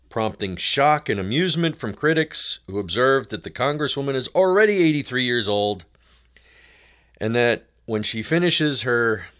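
A man's voice: mid-range voice, a bit bright. A male show host giving a sarcastic political commentary monologue, often calling his listeners folks.

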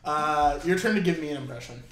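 A man's voice: on the high side, fairly quick, fairly bright tone. A young man hosting a podcast in casual chat, joking, teasing and laughing often, in an echoey room. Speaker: podcast host.

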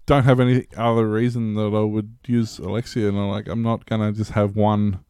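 A man's voice: fairly low pitch, flat delivery, a little fast, dark tone, clean tone, no echo, studio quality. A man in casual chat, explaining things in a loose, rambling way.

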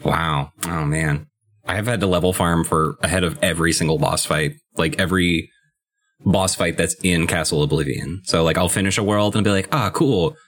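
A man's voice: low-pitched, steady tone, normal speed, fairly bright tone. A young man co-hosting a podcast, chatting casually about a video game and explaining strategy in long, loose sentences. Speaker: podcast co-host.

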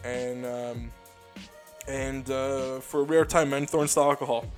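A man's voice: mid-range voice, flat delivery, unhurried, faint music behind. A young man, a comedian, telling loose stories in a rambling, profane way, full of restarts and "dude". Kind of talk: casual storytelling monologue.

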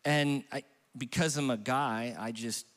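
A man's voice: mid-range voice, unhurried, a bit bright. A middle-aged male pastor preaching a humorous, conversational sermon, teasing himself and chatting with the congregation. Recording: long reverb of a large hall.

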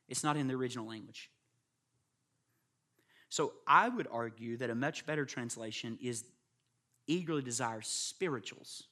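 Live in front of a roomful of pastors, a man delivers an emphatic sermon, repeatedly checking in with his audience. His voice is mid-range with a fairly bright tone.

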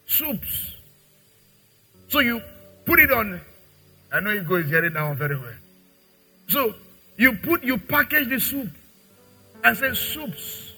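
Bright, husky-voiced preaching man. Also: sits high, sing-song, moderate pace, pauses often, faint music behind, low-quality recording. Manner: preaching with dramatic acted-out dialogue and big swings in loudness. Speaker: pastor. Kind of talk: sermon.

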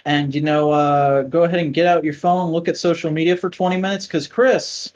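A man's voice: a little high, steady tone, a little fast. A man hosting a podcast in casual chat, loose and profane, who also edits the show. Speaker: podcast host. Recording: dull lo-fi sound.

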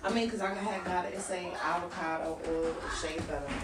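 A woman's voice: lowish voice, fast talker, over loud music. A woman giving a casual, profane, blunt rant to her viewers. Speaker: vlogger. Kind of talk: casual ranting livestream.

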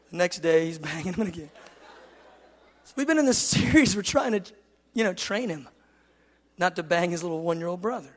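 A man in his thirties preaching a sermon, moving between loud passionate declarations and soft, tender storytelling. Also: a little high, normal speed. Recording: long hall reverb.

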